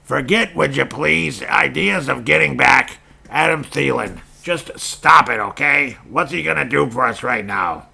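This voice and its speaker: A man imitating a male sports pundit who lectures in an exasperated tone, pitched higher and louder than his own voice. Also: animated, measured pace, gravelly, heavily acted. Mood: scolding.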